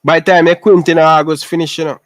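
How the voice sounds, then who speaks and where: A man's voice: a little high, little pitch movement, quick pace, no echo. Jamaican man chatting casually on a livestream. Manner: chatty, repeats himself, addresses viewers by name. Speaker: livestream host. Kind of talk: casual live chat. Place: living in Canada.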